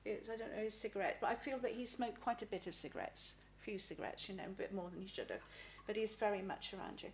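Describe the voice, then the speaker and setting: Speaking in a mid-range voice, a middle-aged woman gives a live spirit reading as a psychic medium. She talks haltingly, repeats words and often asks "please?", and a little hiss or hum can be heard.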